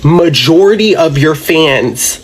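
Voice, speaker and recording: A man's voice: on the high side, lively intonation, slow, slightly rough. A man ranting in a reaction video, indignant and emphatic, with some swearing.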